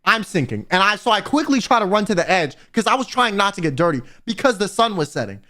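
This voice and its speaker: A young man telling a wild story to his viewers in a casual, exasperated, animated way. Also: high voice, fast talker. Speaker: vtuber storyteller.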